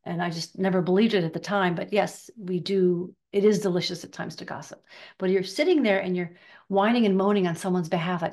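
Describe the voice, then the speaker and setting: Older woman, casual spiritual talk to camera, chatty and riffing, lower register. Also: steady tone, a little mellow. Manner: chatty, riffing, acts out gossip in quick voices. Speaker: spiritual teacher.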